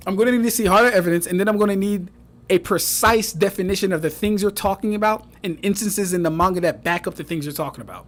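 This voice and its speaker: A man's voice: high voice, brisk, fairly bright tone. A young man giving casual livestream commentary, mocking and exasperated, swearing, repeating himself and laughing often. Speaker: streamer reviewing fan debates.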